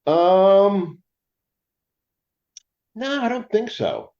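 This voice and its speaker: A man talking as a guest in a casual interview, animated and joking, with many restarts. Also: sits high, drawn-out words. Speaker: paranormal investigator guest. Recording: roomy, dull lo-fi sound.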